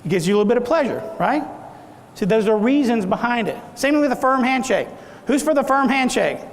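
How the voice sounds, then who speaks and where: A man's voice: very high voice, brisk, a little hiss or hum. A middle-aged man giving a motivational talk at a conference, quizzing the audience and acting out different tones of voice. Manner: animated, audience questions, acts out tones. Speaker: keynote speaker. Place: large conference hall. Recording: echoey hall.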